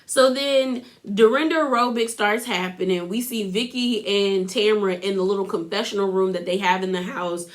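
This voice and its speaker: A woman's voice: mid-range voice, steady tone, moderate pace, hardly any pauses. Chatty woman recapping a reality show. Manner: chatty, full of "like" and opinions, acts out quotes. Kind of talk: casual episode recap.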